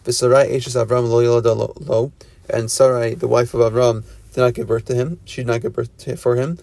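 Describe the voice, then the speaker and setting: A man with a gravelly, creaky voice leads a verse-by-verse Torah class. He reads each Hebrew phrase aloud, then explains it in plain English, often stopping and restarting mid-sentence. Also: mid-range voice, little pitch movement, brisk, darkish tone, no echo. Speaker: Torah teacher.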